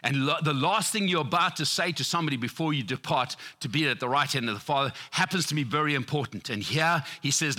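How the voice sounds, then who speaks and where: Middle-aged pastor guy preaching, really bright voice, animated storytelling. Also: on the high side, fast, hardly any pauses. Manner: lively storytelling with acted quotes and laughter. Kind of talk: sermon.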